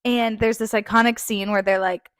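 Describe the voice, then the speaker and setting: A woman's voice: fairly high pitch, fairly even intonation, no room sound. A young woman co-hosting a podcast, chatting enthusiastically about a book on a close microphone. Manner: enthusiastic, quick to react. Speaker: podcast co-host. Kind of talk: casual book discussion chat.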